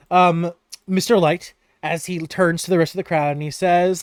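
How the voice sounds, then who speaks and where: A game master narrating a tabletop game in a playful, lively way, likely recorded at home over an online voice call. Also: mid-range voice, normal speed, smooth, no echo, clean studio sound.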